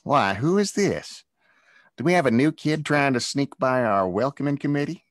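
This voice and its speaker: A man's voice: on the low side, lively intonation, unhurried, dry recording, studio quality. A man reading a storybook aloud and voicing a tall teenage bully who sneers and threatens a new boy at school. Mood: sneering menacing. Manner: sneering, menacing, mocking.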